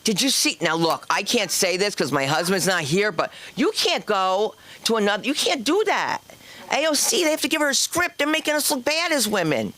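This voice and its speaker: A woman's voice: medium pitch, big pitch swings, moderate pace, a bit bright. A woman hosting a stand-up comedy night, chatty and teasing the audience. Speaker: comedy show host. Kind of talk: stand-up crowd work. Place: comedy club stage.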